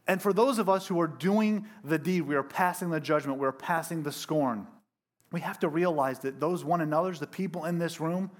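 A male pastor preaches to a room full of his congregation. His voice sits a little high. He talks in an animated, emphatic way with self-deprecating asides. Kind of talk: sermon.

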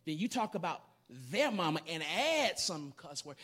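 A husky-voiced preacher in their forties delivers a sermon with hooping. The pitch rises and falls in lively swings, the words tumble out in repeats, and the talk builds from soft asides to shouting. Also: normal speed. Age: 40s.

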